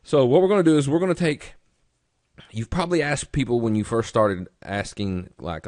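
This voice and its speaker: A man's voice: medium pitch, a little fast, a little mellow, no room sound, studio quality. A man teaching traders at a live seminar, telling stories and asking rhetorical questions. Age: adult. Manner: conversational storyteller, rhetorical questions. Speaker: trading educator. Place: room with a live audience.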